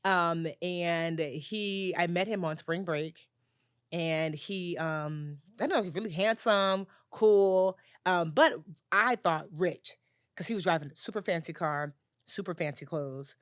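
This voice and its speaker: Woman guest, mid-low voice, lively storyteller who acts out every line, dry close mic. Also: a little slow, clear, resonant tone, no room sound. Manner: animated storyteller, acts out dialogue with big pitch jumps. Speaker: personal finance educator, podcast guest. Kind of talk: storytelling in a conversational interview.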